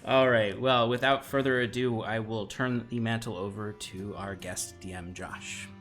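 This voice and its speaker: A man's voice: fairly low pitch, steady tone, measured pace, a bit bright, faint music behind. A man hosting a live tabletop stream, reading out announcements in a rambling way full of fillers. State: out of breath. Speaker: stream host.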